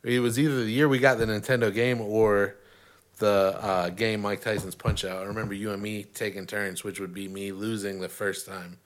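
A man, a parent in a family chat, reminiscing and trailing off softly. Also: fairly low pitch, level tone, moderate pace.

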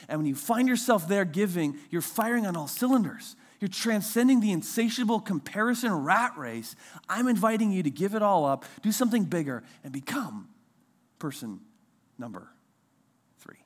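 A man in his thirties, a pastor, giving a conversational sermon and acting out quoted voices with big leaps in pitch. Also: expressive, brisk.

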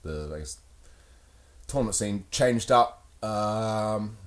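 A man, a guest in a casual chat, speaking hesitantly with many pauses and fillers. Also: fairly low pitch, animated.

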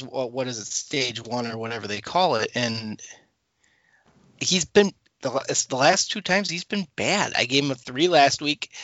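Bright-voiced man rating soccer players. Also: mid-range voice, no echo. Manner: quick stammering restarts. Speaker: soccer podcast co-host giving player ratings. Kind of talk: casual sports chat. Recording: dry, dull lo-fi audio.

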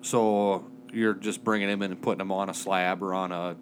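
A man's voice: sits low, flat delivery, normal speed, a little hiss or hum. A man co-hosting a podcast in casual chat, matter-of-fact with a teasing edge. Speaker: podcast co-host. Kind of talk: casual chat among friends.

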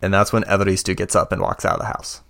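Gravelly, low-voiced game master. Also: male voice, quick pace. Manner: relaxed, hesitant, many fillers. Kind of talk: narrating a tabletop game.

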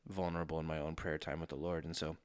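A man's voice: extremely low pitch, flat delivery, quick pace, clean tone, no room sound. A man who is a pastor, talking about his faith in an earnest, reflective, casual way. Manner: reflective, earnest, thinking aloud.

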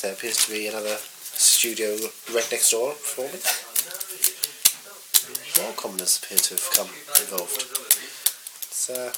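A man's voice: mid-range voice, very noisy, lightly acted. A man playing a pompous, officious male radio presenter in improvised comedy, speaking in a prim and stuffy manner. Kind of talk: improvised comedy role-play.

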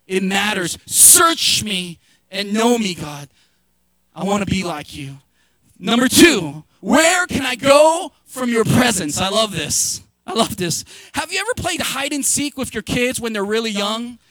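High-voiced male pastor preaching. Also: sing-song, unhurried, dry recording. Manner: conversational and joking, rising to shouted emphasis. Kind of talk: sermon.

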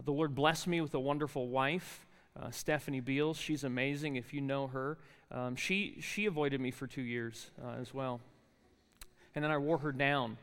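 With a medium-pitched, fairly bright, clean voice, a New Jersey–accented man in his forties preaches in a large university chapel hall, sharing personal testimony. He talks with many fillers and restarts, and the hall is reverberant.

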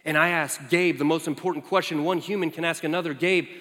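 Bright-voiced man telling a sermon story. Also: brisk. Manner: animated, jumps up high for quoted lines. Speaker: campus minister. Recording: echoey hall.

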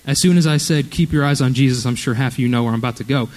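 A man's voice: medium pitch, racing, darkish tone, rough recording. A young man preaching at a church youth service, earnest and conversational, often checking in with "okay?". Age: young adult. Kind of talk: sermon.

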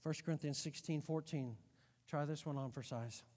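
A middle-aged male pastor delivers a sermon with a slightly high voice. He is animated, dropping to a near hush before rising to shouts. His voice rings with the long reverb of a large hall. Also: normal speed. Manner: animated preaching, swinging from hushed to shouting.

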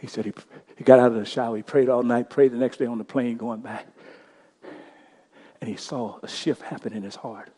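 A male pastor telling a story during a sermon, impassioned, swinging between loud bursts and hushed passages. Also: mid-range voice, steady tone, fairly quick.

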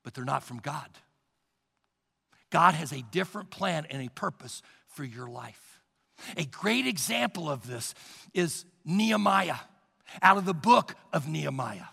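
A male pastor preaching a sermon emphatically, at times rising to a shout. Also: a little high, expressive, a little slow, creaky, slightly rough, long reverb tail.

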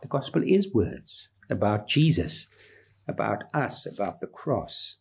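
A man's voice: medium pitch, a little mellow, slightly rough. A man preaching a sermon, emphatic, building his points through repeated lists.

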